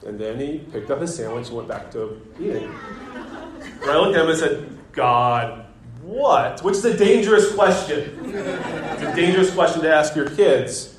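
A man in his thirties preaching a sermon as pastor, telling a family story in a relaxed, conversational way with gentle self-deprecating humor. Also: fairly high pitch, normal speed, a crowd in the background. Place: church sanctuary. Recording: echoey church sanctuary.

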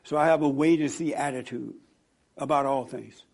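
A man preaching and counseling a congregation, telling stories in an animated way. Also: mid-range voice, moderate pace, gravelly. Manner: animated, storytelling, laughing at own stories. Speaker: pastor. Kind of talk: sermon with audience counseling.

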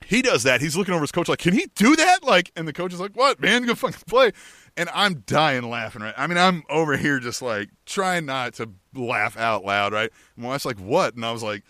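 A podcast co-host chats casually, telling stories with animation and swearing freely. He has a medium-pitched voice and talks briskly with few pauses, in a studio-quality recording with no room sound.

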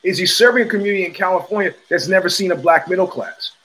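Podcast host guy rambling on his own show, kinda high voice, lots of stops and restarts, fired up. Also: fast talker, rough recording. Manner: animated, emphatic, with frequent restarts and fillers. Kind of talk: casual monologue.

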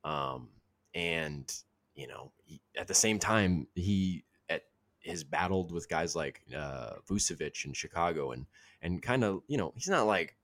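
Deep-voiced man chatting on a sports podcast. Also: animated, a little slow, a bit bright, no echo. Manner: rambling, hedging with fillers. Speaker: podcast host. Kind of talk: casual sports podcast chat.

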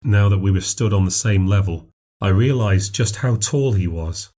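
A man narrating a ghost story in a measured, steady way. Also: on the low side.

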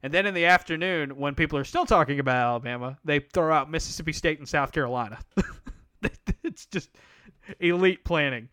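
A man co-hosting a sports podcast, slightly high voice. He talks in an animated, sarcastic way and keeps slipping into mock outrage. The sound is dry and close. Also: a little fast, smooth, dry recording. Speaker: podcast co-host. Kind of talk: casual sports chat.

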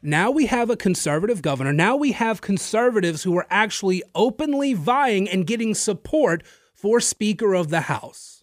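With a high voice and lively intonation, a male radio host talks at a moderate pace, delivering an emphatic political monologue full of opinion to his audience. He uses a filler or repeats a word from time to time. The studio recording is clean, with no room sound.

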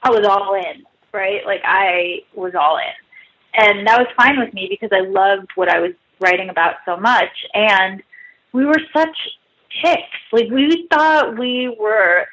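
A woman's voice: mid-range voice, a little slow, a bit bright, poor audio. A woman guest writer in her thirties, chatting casually and self-mockingly, full of "like" and asides. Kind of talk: casual podcast interview.

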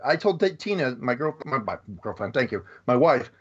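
A man from the United States talks casually about films and acts out scenes as he retells them. His voice sits in a middle pitch. The audio is slightly dull and lo-fi. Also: brisk, slightly rough. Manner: animated storyteller. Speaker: podcast guest. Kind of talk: casual movie chat.

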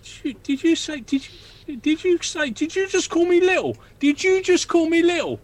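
A short, stocky warrior with a hammer, as a man puts him on, pitched high above an ordinary man's voice. He is brash and bristles at the slightest insult. Tabletop role-play. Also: expressive, a bit bright. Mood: indignant. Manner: brash, quick to take offence. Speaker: player.

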